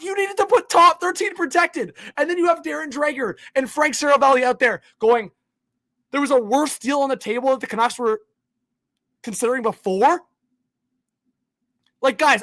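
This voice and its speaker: A man hosting a hockey livestream, ranting casually with slang and swinging between muttering and shouting in disbelief. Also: high-pitched, no echo, clean studio sound. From Canada. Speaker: hockey YouTube livestream host. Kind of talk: live-stream hockey rant.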